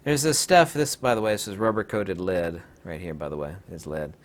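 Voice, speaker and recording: A man's voice: low voice, a little fast. A man hosting a rambling, sarcastic commentary video, full of digressions and mocking asides.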